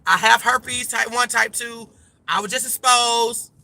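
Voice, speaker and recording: Gravelly bright-voiced woman chatting. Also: fairly high pitch, a little slow. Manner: emphatic, chatty, addresses viewers as y'all. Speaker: life coach vlogger. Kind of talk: casual direct-to-camera chat.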